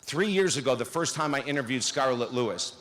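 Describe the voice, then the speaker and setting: A man in his sixties delivers a convocation address at a podium in a large field house. He tells his own story with energy and acts out the dialogue in it. His voice sits in a middle pitch. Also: expressive, a little fast, fairly bright tone. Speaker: convocation speaker. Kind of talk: commencement speech.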